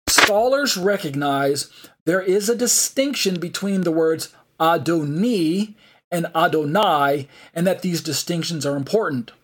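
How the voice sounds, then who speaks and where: A man teaching an online Bible study, reading passages aloud and explaining them with frequent fillers and restarts. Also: on the high side.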